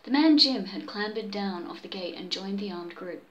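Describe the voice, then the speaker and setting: A woman reading a pulp adventure story aloud in a casual, unpolished way. She trips over words, restarts lines and mutters little asides under her breath. Her pitch sits in an ordinary middle range. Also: normal speed, few pauses, lo-fi sound. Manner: stumbles and restarts, whispered asides to herself. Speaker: channel host reading aloud.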